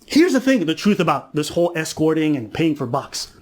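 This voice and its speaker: A man's voice: a little high, big pitch swings, fairly quick, slight background noise. A man ranting on a podcast, mocking and telling stories while acting out other people's lines. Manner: mocking, acts out quotes, storytelling. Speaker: podcast commentator. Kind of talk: casual podcast rant.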